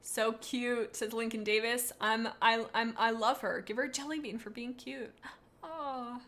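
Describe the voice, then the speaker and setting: A woman's voice: on the high side, steady tone, measured pace, fairly bright tone. A woman on a live stream, rating viewers' pet cats in a playful, rambling way and reading chat comments aloud into a desk microphone.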